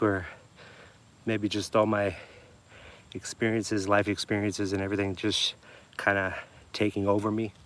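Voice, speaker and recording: A man's voice: fairly low pitch, a bit bright. A man vlogging outdoors on a trail, musing aloud in a rambling, reflective way with many fillers. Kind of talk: casual vlog while out running.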